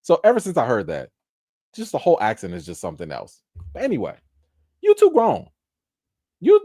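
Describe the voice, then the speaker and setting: A man's voice: a little high, a little mellow. A man hosting a livestream of entertainment news, with emphatic, scolding commentary. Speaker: livestream host.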